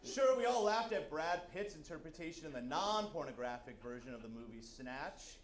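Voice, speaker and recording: A man doing a stand-up bit as a confidently wrong film critic, deadpan, on a stage before a live audience. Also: a little high, moderate pace. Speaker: comedian playing a film critic. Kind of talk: live sketch comedy. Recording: roomy stage sound with crowd.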